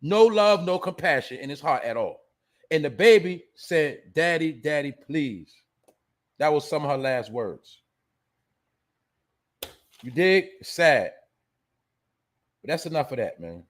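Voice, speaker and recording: A man's voice: on the high side, big pitch swings, a little slow, pauses often. A man hosting a show, giving blunt, profane, preachy commentary. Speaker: show host. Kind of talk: casual commentary monologue.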